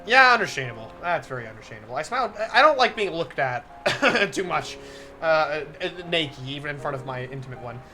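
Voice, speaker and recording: A man's voice: fairly high pitch, animated, a little fast, pushed and bright, faint music behind. A man on a live stream reading a visual novel aloud, getting flustered, laughing often and breaking off to comment to his chat.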